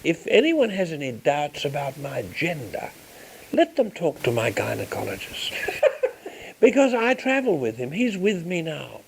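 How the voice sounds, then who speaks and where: A man's voice: on the high side, huge pitch swings, unhurried, vocal fry, a little hiss or hum, exaggerated voice, poor audio. A man playing a flamboyant, vain Australian grande dame with an Australian accent, theatrical and witty in an interview. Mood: mock indignant. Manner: theatrical, grandiose, swooping delivery. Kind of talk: in-character interview.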